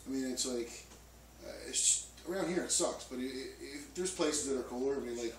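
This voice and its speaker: A man's voice: medium pitch, brisk. A man in a band, chatting casually in an interview with many fillers and restarts. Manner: loose, rambling with many fillers. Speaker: band member. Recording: roomy, distant mic, faint noise.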